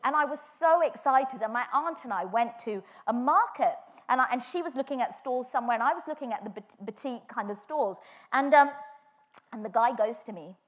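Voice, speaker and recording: A woman with a high, bright-pitched voice delivers a sermon. She tells personal stories with animation and builds her points to fervent emphasis. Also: brisk. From England. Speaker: preacher.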